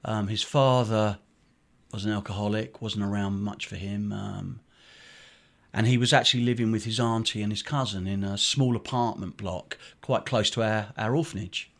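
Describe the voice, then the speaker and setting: A man's voice: lowish voice, fairly even intonation, moderate pace, gravelly, a bit bright. A middle-aged man, a charity director, telling a story in an interview in a rambling way with many fillers and restarts. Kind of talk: conversational storytelling.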